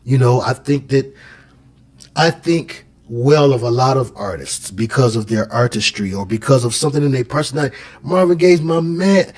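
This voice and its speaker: A man with a middle-pitched voice talks loosely and at length, circling back and restarting as he tells his stories. His delivery is casual and conversational. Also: animated, normal speed. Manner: storytelling, with many restarts.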